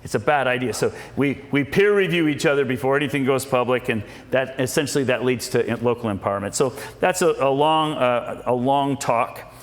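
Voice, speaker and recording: A man's voice: medium pitch, fairly quick, few pauses. A man giving a folksy, preacher-like storytelling speech at a political meeting, with many repeated starts. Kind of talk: storytelling speech to a live audience. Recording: echoey hall with long reverb.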